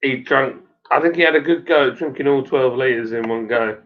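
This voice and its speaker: Man, mid-pitched voice, easygoing jokey chat, dull lo-fi call audio. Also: normal speed. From Sussex, England. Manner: relaxed, joking. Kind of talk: casual beer chat.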